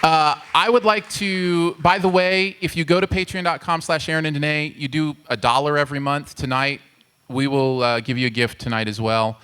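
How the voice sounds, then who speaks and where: A man with a bright, smooth voice co-hosts a live podcast on stage. He is upbeat and grateful, and he keeps urging the audience to applaud. His tone stays crisp and forward. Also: fairly high pitch, steady tone, moderate pace. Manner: upbeat, grateful, hypes the crowd. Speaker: podcast co-host. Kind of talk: live show hosting banter.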